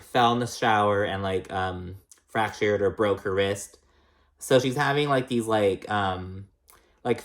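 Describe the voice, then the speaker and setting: A man chats his way through a reality TV recap in a loose, profane way, with "like" in almost every sentence. His voice sits at a middling pitch but jumps up high and drops low again when something gets to him. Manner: chatty and profane, heavy use of "like"; jumps between pitch highs and lows when reacting. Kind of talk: casual recap commentary.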